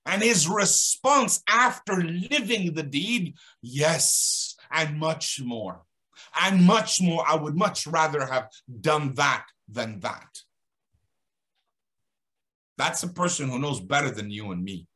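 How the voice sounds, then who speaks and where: A man speaks as a guest on an Islamic talk show. His voice has a bright, forceful edge. He tells a story with lively, dramatic emphasis that rises and falls. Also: a little high, slow pace.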